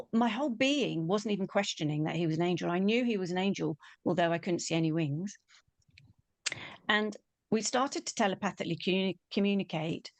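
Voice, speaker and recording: A woman, telling a personal story in an animated way and acting out the quoted voices. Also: lowish voice, vocal fry, no echo. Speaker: spiritual teacher.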